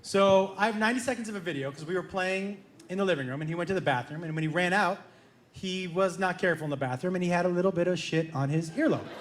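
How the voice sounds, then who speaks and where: Animated male stand-up comedian, high voice. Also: quick pace. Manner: animated, acts out his son's lines in a childish voice. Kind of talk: stand-up storytelling. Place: comedy club stage. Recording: echoey club with loud crowd laughter.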